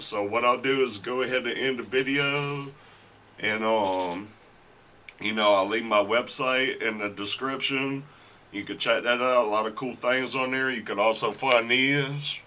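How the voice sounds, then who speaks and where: This time the man's mid-range voice has a lo-fi sound with a little hiss or hum. An independent musician and small seller, he chats casually from his small home recording room into the camera's built-in mic, slightly out of breath, rambling and restarting often with lots of fillers.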